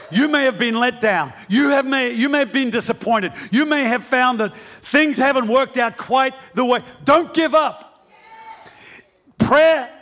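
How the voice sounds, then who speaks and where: Male preacher, high voice, animated sermon, long hall reverb. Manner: animated, repeating phrases, rising to shouts.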